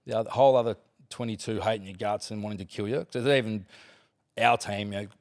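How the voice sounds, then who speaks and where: A man's voice: lowish voice, quick pace. A man in his forties with an Australian accent, a former footballer telling casual stories as a podcast guest, laughing often and swearing freely. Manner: laughing, swearing, animated anecdotes. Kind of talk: casual storytelling.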